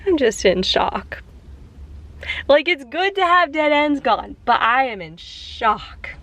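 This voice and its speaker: A woman's voice: high-pitched, big pitch swings, slow, a bit bright, poor audio. A young woman vlogging to camera, rambling with lots of "like" and close to tears. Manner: rambling, emotional, frequent "like" fillers. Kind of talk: casual vlog talk to camera.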